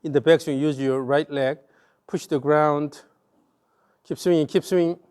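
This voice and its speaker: A man with a Korean accent coaches a golf swing in a mellow, warm voice. He talks in an instructive way and repeats short cues over and over in rhythm with the movement. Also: on the high side, fairly even intonation, measured pace, clean tone. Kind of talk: hands-on coaching.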